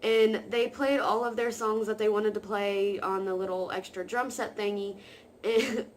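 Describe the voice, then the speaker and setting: A woman vlogger talks straight to camera, telling her story in a rush of excited, rambling sentences packed with "like". Her voice sits in a middle pitch range. A faint hiss of noise runs underneath. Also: measured pace. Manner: excited, rambling, heavy use of "like" fillers.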